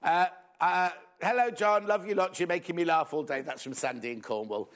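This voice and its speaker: A man's voice: a little high, a little fast, fairly bright tone. A man presenting a live shopping show in a playful, jokey, chatty way, reading out viewer messages.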